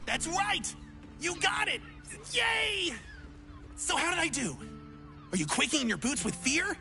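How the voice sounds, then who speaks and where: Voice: very high voice, unhurried, vocal fry, raised voice, faint music behind, exaggerated voice. Someone voicing a bouncy, eager wannabe adventurer lad. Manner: excitable, clumsy, fumbling for words. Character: eager hapless young male would-be adventurer. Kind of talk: video game character dialogue.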